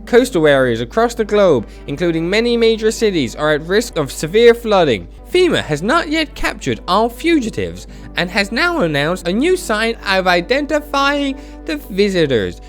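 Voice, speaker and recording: A man's voice: high voice, wildly swooping pitch, normal speed, hardly any pauses, fairly bright tone, soft background music, voice pushed up, exaggerated voice. Male news anchor, formal announcer delivery, voiced by a man, in-game broadcast.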